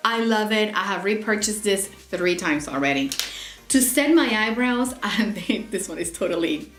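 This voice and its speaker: A woman's voice: medium pitch, lively intonation, normal speed. A woman reviewing her favorite makeup in a casual vlog, gushing and often repeating words and restarting her phrases as she films herself at home. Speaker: beauty vlogger. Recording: echoey room, faint background music.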